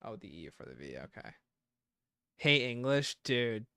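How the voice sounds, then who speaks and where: A man's voice: mid-range voice, sing-song, a little slow, pauses often, pushed and bright, no echo, studio quality. A man casually chatting and joking on a livestream as the streamer, thinking aloud as he talks.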